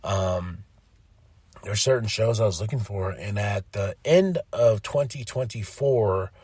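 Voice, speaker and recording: An animated man with a fairly low voice, talking straight into a close mic in a dry, dead room. He chats casually and excitably, cursing and laughing as he goes. His delivery swings between loud bursts and muttered asides. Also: measured pace, slightly rough, no room sound. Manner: excitable, animated, swears, laughs, mimics people. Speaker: podcast host. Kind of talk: casual solo recap.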